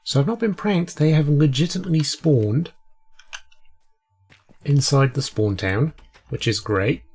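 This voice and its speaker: Husky, gravelly man narrating gameplay. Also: on the high side, measured pace, darkish tone, soft background music. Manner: rambling, chatty, self-deprecating. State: sick with a cold. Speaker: let's play host. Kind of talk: casual gameplay commentary.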